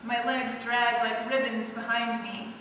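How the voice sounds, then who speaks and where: A woman's voice: a little high, fairly even intonation, a little slow, pushed and bright, slight background noise. A woman author at a live event, chatting to introduce her novel, then reading a first-person scene aloud. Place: opera centre hall, live event. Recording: echoey hall from far off.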